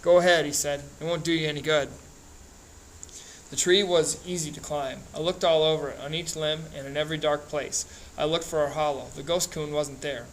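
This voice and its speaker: A man reading a novel aloud in a plain, steady way, with small slips and restarts. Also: fairly high pitch, slight background noise, rough recording. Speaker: reader.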